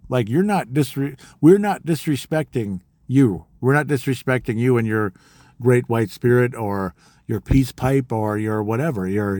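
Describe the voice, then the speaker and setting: Rambling man with a mellow voice. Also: mid-range voice, dry recording. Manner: rambling, repeats words, gets heated. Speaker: podcast host. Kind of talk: casual opinion monologue.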